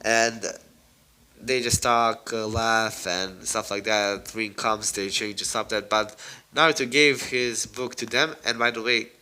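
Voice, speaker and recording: A hoarse man narrating a fan story in a rambling, casual way with many fillers. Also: on the low side, steady tone, a little slow, pushed and bright. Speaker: storyteller YouTuber.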